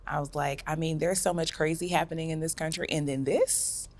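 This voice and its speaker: A woman's voice: deep voice, fairly even intonation, fairly quick, slight background noise. A woman guest on a panel, speaking frankly and conversationally. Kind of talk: panel discussion.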